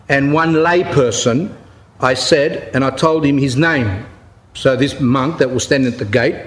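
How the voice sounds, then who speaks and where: A man giving an informal sermon, telling anecdotes in a conversational, emphatic way and paraphrasing a written account as he reads it. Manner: conversational, emphatic, rising pitch when stressing points. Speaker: Orthodox Christian speaker giving a talk.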